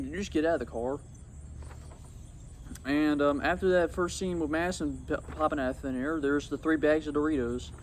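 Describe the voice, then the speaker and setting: A young man talking casually about his old video on his phone outdoors, rambling and excitable. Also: fairly high pitch, slight background noise. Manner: rambling and excitable, swats at bugs. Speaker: YouTuber. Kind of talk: casual vlog commentary. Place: outdoors among insects.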